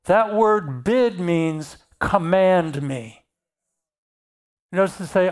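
Slow, deliberate preacher expounding scripture. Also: medium pitch, darkish tone. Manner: reads scripture aloud and then explains it, repeating key phrases. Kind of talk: sermon.

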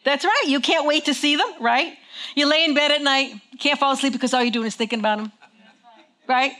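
A woman with a high-pitched, sharp voice speaks a little fast while preaching conversationally to a congregation. She leads call and response and engages listeners with frequent "okay?".

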